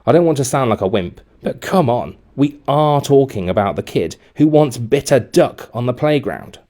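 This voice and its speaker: A man, a teacher reading a children's book aloud in a lively way. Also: medium pitch, moderate pace. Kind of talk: storybook narration.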